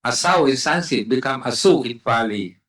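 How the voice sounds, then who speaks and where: A man giving an academic lecture at a conference, speaking haltingly with many fillers and self-corrections. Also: medium pitch, expressive, a bit bright. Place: conference hall.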